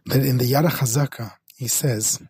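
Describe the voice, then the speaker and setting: A man's voice: mid-range voice, fairly even intonation, moderate pace, a little mellow, slightly rough, no room sound. A middle-aged man giving an earnest Torah talk as a rabbi, repeating phrases for emphasis. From England.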